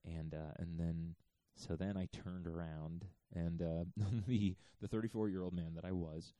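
A man's voice: sits low, fairly even intonation, unhurried, warm tone, dry recording. A man in his thirties casually telling a story, rambling with lots of fillers. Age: 30s.

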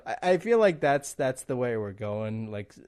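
A man's voice: medium pitch, big pitch swings, moderate pace, a little mellow, smooth. Chatty man with easy laughs. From a non-English-speaking country. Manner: laughs often, many fillers and restarts. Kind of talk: casual chat.

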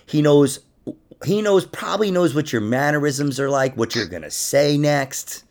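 Young male podcast host, gravelly and lively, profane joker. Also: on the high side, moderate pace. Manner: profane, jokey storyteller who laughs at his own lines. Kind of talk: casual chat.

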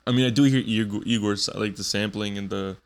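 A man's voice: fairly low pitch, fairly even intonation, brisk, vocal fry. A man in his twenties hosting a solo podcast, rambling loosely and swearing often. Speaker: podcast host.

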